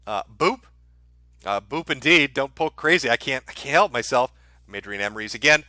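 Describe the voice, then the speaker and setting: A man's voice: medium pitch, expressive, normal speed, sharp tone, dry recording. A man hosting a livestream and reading viewer donation messages aloud, with a dry, sardonic delivery and the odd chuckle. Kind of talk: casual livestream chat.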